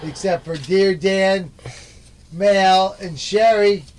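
A man's voice: high voice, slow. A jokey man co-hosting a comedy podcast, doing mock ad reads. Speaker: podcast co-host.

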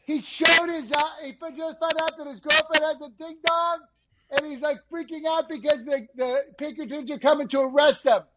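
Eager stammering man, very high voice. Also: steady tone, normal speed, heavy background noise.

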